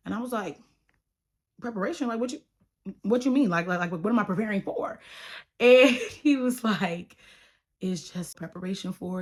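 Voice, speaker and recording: A young woman telling a personal faith story to camera in a casual, animated way, acting out the dialogue. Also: lowish voice. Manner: animated, quotes others in dialogue, addresses viewers as y'all. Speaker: YouTuber sharing her testimony.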